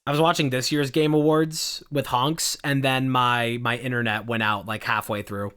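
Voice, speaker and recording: An excitable male podcast co-host in casual chat, tumbling through thoughts with fillers and bursts of energy. His pitch is middle of the road and plainly conversational. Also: moderate pace, clean tone. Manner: excitable, quotes game lines.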